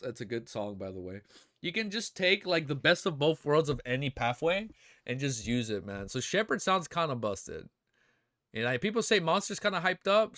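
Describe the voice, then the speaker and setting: A young man streaming, reacting emotionally and excitedly to fan art in casual chat, swearing often and calling viewers dude and bro. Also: fairly high pitch, dry recording, clean studio sound.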